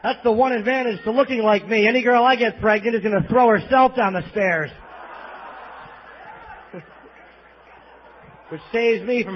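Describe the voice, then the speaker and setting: A man with a New York accent delivers a crude, self-mocking stand-up set in a very high voice. He sounds brash and blunt with a live crowd. The sound is a dull, muffled bootleg tape with a faint hiss underneath. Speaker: stand-up comedian. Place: live club theater.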